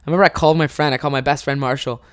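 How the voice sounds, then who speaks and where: A young man hosting a solo comedy podcast, telling an animated personal story with plenty of swearing and laughter. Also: medium pitch, very fast, smooth, dry recording, clean studio sound.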